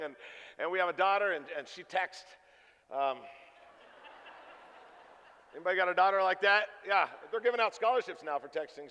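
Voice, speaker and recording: A pastor preaching a sermon, telling a funny story in an animated way and acting out the dialogue. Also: male voice, high-pitched, vocal fry. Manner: animated, jokey, acts out dialogue. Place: church sanctuary. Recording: reverberant church hall.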